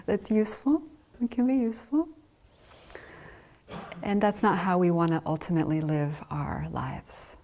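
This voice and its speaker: A woman Zen teacher gives a gentle dharma talk with light laughs. Her voice sits on the low side, husky and breathy, with a gravelly creak. She speaks very slowly.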